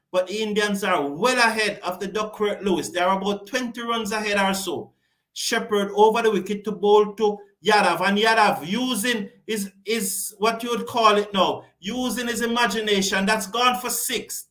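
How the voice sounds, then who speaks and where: High-voiced passionate cricket commentator. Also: male voice, pushed and bright. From West Indies. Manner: passionate, repeats himself for emphasis; reads out and answers viewer comments. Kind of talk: live online cricket commentary.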